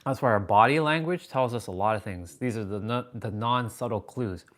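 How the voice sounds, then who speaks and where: Male livestream host, casual chat, animated storyteller who answers viewers as he goes. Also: fairly low pitch, moderate pace. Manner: animated storytelling, reads viewer comments aloud.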